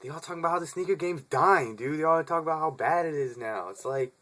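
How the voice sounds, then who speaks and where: Bright-voiced young man ranting casually. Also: a little high, quick pace. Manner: laid-back, swears a lot, laughs often, says dude. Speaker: vlogger. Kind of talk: casual rant to camera.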